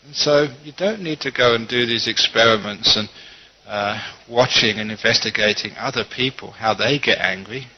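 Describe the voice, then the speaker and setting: A middle-aged man, a Buddhist monk, giving a conversational dharma talk and teaching gently, with quoted asides. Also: on the low side, moderate pace, breathy edge. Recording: dull lo-fi talk recording.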